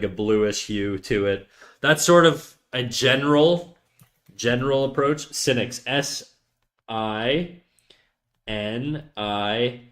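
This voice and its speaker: A man talks to his viewers as he draws, in a loose and rambling way. He jokes around, restarts his sentences and wanders between drawing tips and asides. His voice sits at an ordinary middle pitch. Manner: rambling, self-interrupting, jokey. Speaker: streamer giving drawing tips. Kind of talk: casual livestream chat while drawing.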